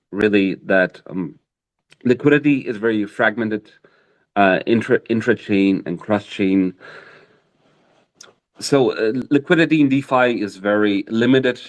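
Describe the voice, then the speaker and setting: Man, low voice, hesitant, lots of ums and restarts, online voice call, casual interview answers. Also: animated, a little slow. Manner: hesitant, many fillers and restarts. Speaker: project co-founder, guest. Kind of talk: casual interview answers on a live audio chat.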